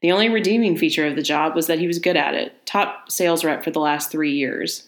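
A woman reading a short story aloud in a relaxed manner. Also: deep voice, a little fast. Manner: relaxed, laughs easily between passages.

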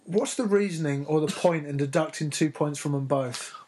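Husky co-host, animated. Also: male voice, on the high side, moderate pace. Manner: animated, laughs often, swears. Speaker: podcast co-host. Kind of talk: casual chat.

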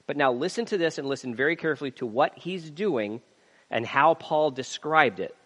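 A man's voice: fairly high pitch, animated, normal speed, a bit bright, big-room sound. A man preaching a sermon, reading scripture aloud and building emphasis as he goes. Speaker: pastor.

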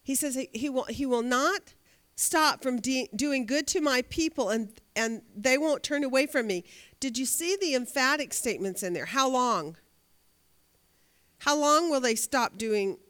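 A woman's voice: sits high, lively intonation, normal speed, a bit bright. Woman teaching a Bible lesson. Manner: asks the class questions, reads scripture aloud.

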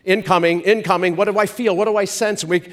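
A man preaching a sermon, stretching out words for emphasis and drawing responses from the congregation. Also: high-pitched. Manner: animated, drawn-out emphatic preaching with call-and-response. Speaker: pastor.

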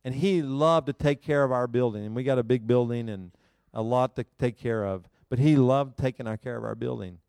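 Clear-voiced, animated man preaching. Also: medium pitch, fairly quick, no room sound, clean studio sound. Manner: animated, self-mocking storyteller who laughs often. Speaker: pastor. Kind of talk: sermon with personal storytelling. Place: church service before a live congregation.

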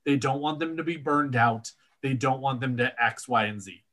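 A man co-hosting a casual podcast about a book series, talking in animated, emphatic bursts. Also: mid-range voice, normal speed. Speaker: podcast co-host.

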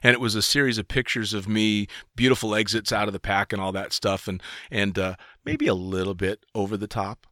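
A man hosting a casual chat, animated, laughing often and swearing freely. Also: fairly low pitch, a little fast, hardly any pauses, dry recording, clean studio sound. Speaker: podcast host.

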